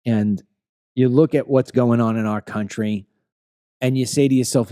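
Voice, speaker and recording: A man's voice: medium pitch, expressive, a little slow, dark tone, no room sound, studio quality. A man in his fifties with a Long Island accent, hosting an opinion monologue in an emphatic, ranting way that keeps repeating phrases. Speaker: commentary show host.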